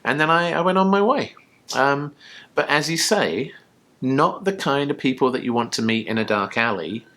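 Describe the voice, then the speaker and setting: Animated rambling man from the UK. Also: mid-range voice, normal speed. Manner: rambling, storytelling, jokey. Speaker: co-host. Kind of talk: tipsy casual chat.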